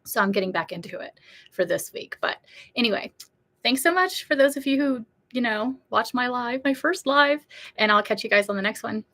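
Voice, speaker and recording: A woman's voice: a little high, lively intonation, moderate pace, bright, forceful tone. A woman in her thirties chatting casually and emotionally on a beauty livestream, greeting viewers by name. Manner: chatty and emotional, reads viewer comments aloud.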